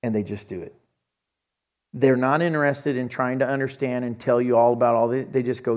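A man's voice: medium pitch, fairly even intonation, fairly quick. A man preaching a sermon as pastor, telling stories and acting out conversations. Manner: storytelling, acts out conversations.

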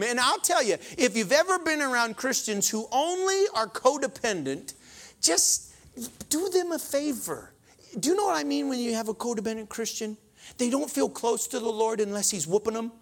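A male preacher giving a sermon, animated and joking, with sudden emphatic exclamations. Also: extremely high pitch, moderate pace.

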